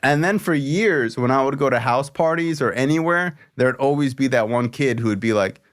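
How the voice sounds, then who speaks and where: A man with a medium-pitched voice and moderate pace hosts a podcast, telling a story conversationally. He animatedly acts out the voices of the people involved.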